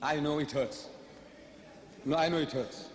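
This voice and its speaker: A man's voice: a little high, steady tone, unhurried, echoey room, long reverb tail. A man giving a public debate lecture, firing rhetorical questions at the audience with emphasis.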